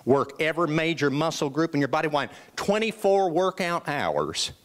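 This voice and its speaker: A man voicing a fit, easygoing Southern friend who coaches at the gym, in a slow, hospitable Southern accent. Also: on the high side, very animated. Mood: friendly.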